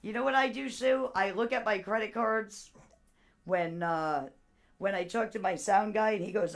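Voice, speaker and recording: A woman's voice: mid-range voice, normal speed. A woman chatting loosely with viewers on her live stream as a seller. She rambles from one thing to the next and laughs often as she talks.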